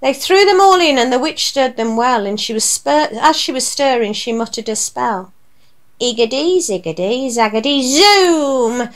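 A woman radio presenter giving an expressive, rhyming reading of a children's story. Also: high-pitched, moderate pace, few pauses. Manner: rhyming, animated delivery.

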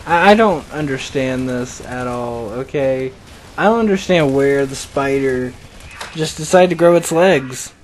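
A man's voice: medium pitch, a little slow, slight background noise. A young man rambling and joking as he comments on his own gameplay, often laughing at himself. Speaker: gaming channel host.

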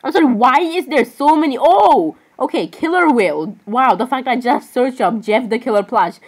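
A woman's voice: fairly high pitch, animated, fairly quick, low-quality recording. A woman vlogger rambling as she browses online, giggling and apologizing over and over. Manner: rambling, keeps apologizing, giggly, says "literally" often. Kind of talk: casual screen-browsing commentary.

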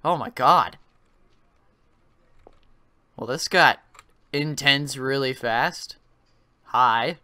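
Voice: medium pitch, very slow, long pauses, no room sound. A let's play host chatting casually and joking while playing a horror game. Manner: animated, jokey, chatty.

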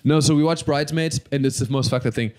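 A man tells a story at a rapid clip. His delivery is rambling and full of fillers and swearing. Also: on the high side, a little mellow. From Germany. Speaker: podcast guest. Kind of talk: casual storytelling.

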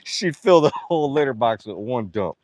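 Excitable and out of breath, a man vlogs outdoors while feeding his farm animals, laughing and chatting to them as he goes. His voice is medium-pitched at a normal speed.

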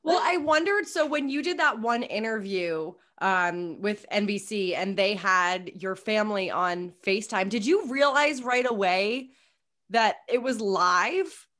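A woman's voice: mid-range voice, lively intonation, unhurried, fairly bright tone. A woman hosting a casual interview show, asking questions in an eager, effusive way. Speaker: podcast host.

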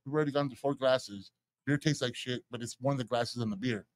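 A man, co-hosting a podcast and telling a profane, animated story in casual chat. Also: mid-range voice, fast, no echo. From San Antonio, Texas. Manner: profane, animated storyteller doing quoted voices. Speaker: podcast co-host.

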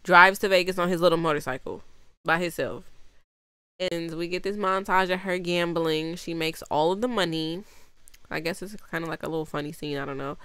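A woman with a slightly low voice recaps a movie in a loose, rambling way, plainly exasperated and laughing as she goes. Her tone is smooth and clear, and the sound is close and dry with no room around it. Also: brisk, fairly bright tone, no room sound. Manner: chatty, exasperated, laughs often; acts out characters' lines. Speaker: movie reviewer.

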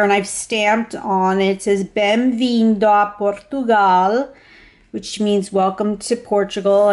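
Slow, gravelly-voiced woman showing a journal. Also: medium pitch, a little mellow. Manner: unhurried, many fillers and small restarts. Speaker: craft vlogger. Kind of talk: casual show-and-tell narration.

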